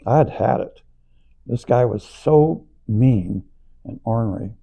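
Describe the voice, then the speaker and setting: An older man being interviewed, rambling through anecdotes with frequent chuckles, his voice gravelly. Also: medium pitch, slow pace, mellow, lo-fi sound. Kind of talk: anecdotal storytelling.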